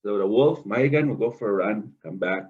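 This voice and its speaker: A man's voice: lowish voice, a little fast, breathy edge. A man telling a traditional story to students in a school, conversational and full of asides. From Canada. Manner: lively, conversational, many asides. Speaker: oral storyteller. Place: school classroom. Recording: dull lo-fi recording.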